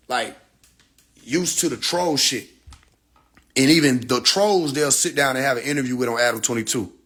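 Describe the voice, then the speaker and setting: Brash, profane man ranting with a husky voice. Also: medium pitch, fairly bright tone. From Atlanta. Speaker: livestream host. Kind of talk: casual livestream rant. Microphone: phone.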